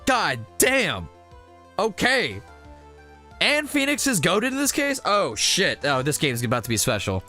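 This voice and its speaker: A man's voice: high voice, wildly swooping pitch, a little slow, bright, forceful tone, faint music behind. Swearing, laughing male streamer. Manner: casual, swearing, laughing between lines. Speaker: streamer voice-acting a game. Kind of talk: live let's-play reaction.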